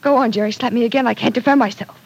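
Breathy captive heroine, scared but defiant, vintage radio serial. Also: female voice, lowish voice, normal speed, darkish tone, dull audio. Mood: fearful defiance. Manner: pleading, then steely and defiant. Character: frightened but defiant young woman held captive. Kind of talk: 1940s radio drama acting.

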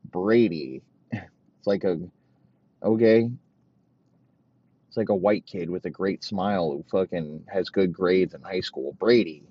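A man's voice: deep voice, a little slow, long pauses, breathy edge, dry recording. A man hosting a show, delivering a rambling, profane comedic rant full of mock outrage and heavy swearing. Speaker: podcast host. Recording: dull, dry lo-fi recording.

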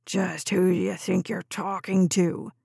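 A low, gravelly, slurring stepfather who is coarse and drunk, put on by a woman reading a storybook aloud. The voice sits lower than the narrator's own and grinds with rough fry. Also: little pitch movement, measured pace, darkish tone, dry recording, clean studio sound, heavily acted. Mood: demanding. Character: drunk, coarse, glowering middle-aged stepfather.

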